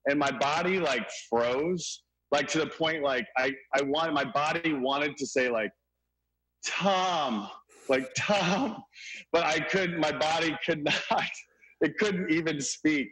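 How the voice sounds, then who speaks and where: A young man excitedly telling a story in an interview, filled with "like" and acted-out quotes. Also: on the high side, poor audio. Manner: animated, filler-heavy, acts out quotes. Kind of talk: excited anecdote.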